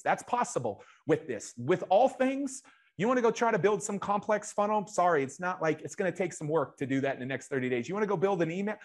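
A man hosting a live interview show, energetic, often restarting and speaking to the chat audience. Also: on the high side, brisk. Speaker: show host.

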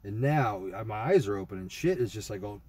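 A man's voice: lowish voice, animated, fairly quick, darkish tone. A young man casually rambling through a trip report, swearing often and full of fillers and restarts. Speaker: vlogger.

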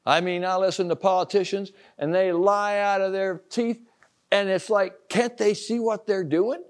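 Folksy older preacher with a high voice. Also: male voice, fairly even intonation, normal speed. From Ohio, US. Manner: folksy, storytelling, acts out quoted voices. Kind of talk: informal sermon.

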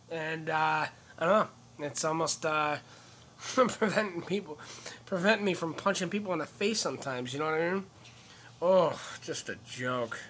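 Lively, bright-voiced ranting man. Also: a little high, husky. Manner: profane, rambling and scattered. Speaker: comedian. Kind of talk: casual vlog rant to camera.

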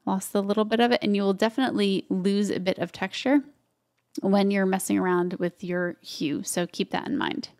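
Woman, tutorial host, gravelly fry, casual step-by-step talk with asides to viewers. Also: mid-range voice, little pitch movement, moderate pace, darkish tone. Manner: chatty, talks while working, with asides to viewers. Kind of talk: casual screen-share editing tutorial.

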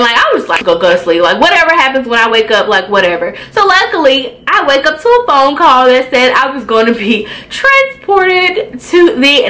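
Bright-voiced young woman telling a storytime. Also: fairly high pitch, low-quality recording. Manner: animated, profane, acts out her own reactions. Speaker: beauty vlogger. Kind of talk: casual storytime.

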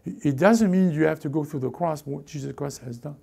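Male pastor preaching, gravelly mellow voice, animated delivery that slips into character voices. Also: on the high side, a little fast. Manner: animated, repeats words, acts out characters. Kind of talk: lively sermon with acted-out voices.

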